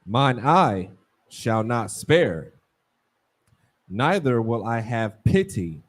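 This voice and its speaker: Man reading scripture slowly. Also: medium pitch, big pitch swings. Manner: slow, measured reading. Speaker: scripture reader.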